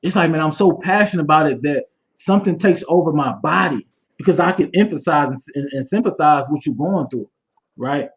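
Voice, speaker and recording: A young man speaks with passion in a loose, conversational way, circling back on his words as he talks. His voice sits on the high side. The sound is dull and muffled, like audio from a live stream. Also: a little fast. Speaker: guest speaker. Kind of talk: candid motivational talk.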